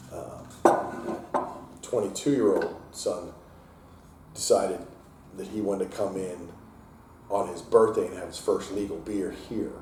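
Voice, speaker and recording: A man with a low, mellow voice tells his stories with energy and acts out the people he quotes. He sits a little back from the mic in a very echoey taproom, and a faint hiss runs underneath. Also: distant mic. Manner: animated storyteller, acts out quotes in a raised voice. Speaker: brewery owner and head brewer. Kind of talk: casual storytelling interview. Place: inside his brewery taproom.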